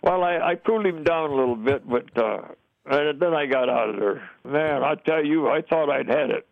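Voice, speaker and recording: A man's voice: on the high side, moderate pace, creaky, dry recording, narrow, tinny audio. An older man from the United States, a veteran telling his own stories in an interview with plain, folksy talk and chuckles. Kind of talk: oral history storytelling.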